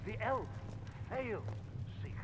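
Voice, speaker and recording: An actor playing a stern, pompous church chancellor in a video game, speaking with imperious scorn. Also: male voice, high-pitched, lively intonation, a little slow, heavy background noise. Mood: scornful.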